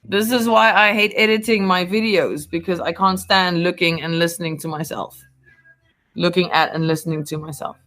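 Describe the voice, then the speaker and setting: A woman's voice: on the low side, steady tone, moderate pace, fairly bright tone, dry recording. A woman vlogger in casual, rambling chat, answering viewer comments in a playful way.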